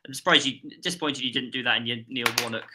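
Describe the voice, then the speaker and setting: A man's voice: mid-range voice, steady tone, fast talker, background noise. A man on a podcast panel, making long, articulate, analytical points about football. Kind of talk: live-stream football analysis.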